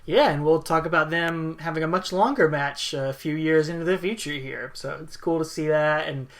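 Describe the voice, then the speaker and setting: A man's voice: a little high, a little fast, a bit bright. A man co-hosting a podcast, chatting in a laid-back, agreeable way. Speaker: podcast co-host. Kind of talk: casual podcast chat.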